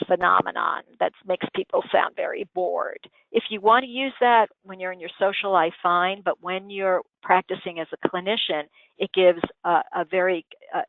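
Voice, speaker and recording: A woman's voice: lowish voice, creaky, no echo. A woman giving a lecture on communication, acting out vocal habits as examples. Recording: tinny phone-like dry sound.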